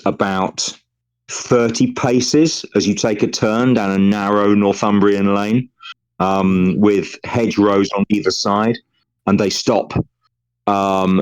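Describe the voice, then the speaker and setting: A man narrating a tabletop game as game master, measured and peppered with ums. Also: low-pitched, darkish tone, smooth, lo-fi sound.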